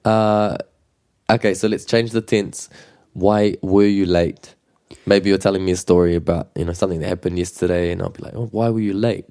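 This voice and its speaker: A man's voice: deep voice, flat delivery, a little mellow, clean tone. Patient New Zealand man teaching Māori. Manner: patient, repeats example phrases slowly. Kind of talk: relaxed language lesson.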